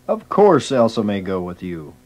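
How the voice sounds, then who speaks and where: A man's voice: on the low side, wildly swooping pitch, moderate pace, a little mellow, slight background noise. A stern village father. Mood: earnest. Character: stern grumpy village father who softens. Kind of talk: storybook cassette acting.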